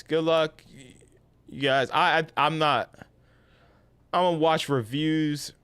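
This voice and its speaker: A man's voice: mid-range voice, fairly bright tone, smooth, no echo. A young man streaming a game while ranting casually and with exasperation, often restarting his sentences and laughing. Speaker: gaming streamer. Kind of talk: casual live-stream rant.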